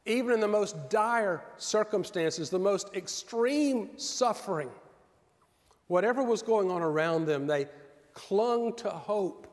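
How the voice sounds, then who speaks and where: A middle-aged man preaching a sermon in an earnest, measured way with pauses. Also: sits high, lively intonation. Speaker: pastor. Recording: long reverb of a large hall.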